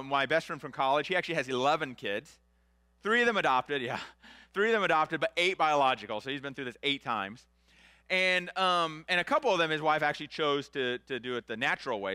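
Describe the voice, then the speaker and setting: A middle-aged man preaches with a bright, ringing voice that sounds crisp and clean. The sound is close and dry, with no room echo. He talks to the congregation in an easy, conversational way, rising to loud animated bursts and dropping to near-hushed quiet. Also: mid-range voice. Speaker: pastor. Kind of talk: sermon.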